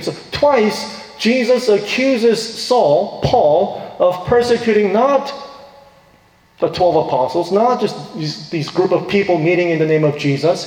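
A man preaches a sermon with earnest force, his fairly high voice climbing higher whenever he quotes a line of scripture. He speaks from a church sanctuary, and the sound rings through a big reverberant hall that carries a long echo behind every phrase. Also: a little mellow. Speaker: pastor. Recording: echoey hall, distant reverb.

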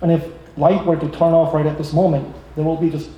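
A man preaching a sermon, emphatic, rising and slowing down to stress his points. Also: a little high, level tone, muffled recording. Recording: echoey hall from far off.

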